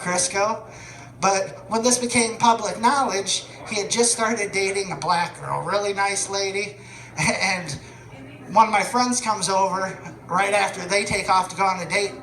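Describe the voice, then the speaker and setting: High-voiced man doing stand-up. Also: steady tone, moderate pace, sharp tone, echoey room. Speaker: stand-up comedian. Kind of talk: stand-up comedy set. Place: comedy venue stage.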